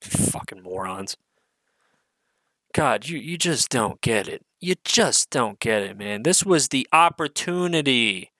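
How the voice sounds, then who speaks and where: A man's voice: mid-range voice, lively intonation, slow pace, pushed and bright, no room sound, poor audio. A man giving an unscripted solo rant as an online commentator, profane, exasperated and sarcastic, swearing often amid fillers.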